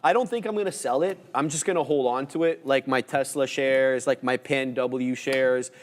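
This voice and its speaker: A man co-hosting a live stock trading stream, walking through his trades and giving shout-outs to viewers in the chat. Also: medium pitch, moderate pace. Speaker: trading show co-host.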